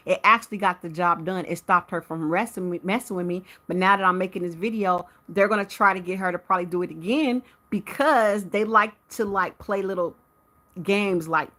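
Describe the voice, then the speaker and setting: A woman hosting a live stream, telling her viewers about a dispute with a neighbor in a heated, animated way and talking to them directly. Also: lowish voice. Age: adult with a teenage son. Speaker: livestream host.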